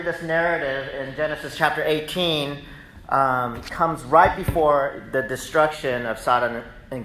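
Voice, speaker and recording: A man preaching a sermon in a church, talking to the congregation in a loose, conversational way. His voice is bright and sits a little high, and his storytelling gets animated. The room is echoey, with a faint hum of ambience behind him. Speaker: pastor. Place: church sanctuary.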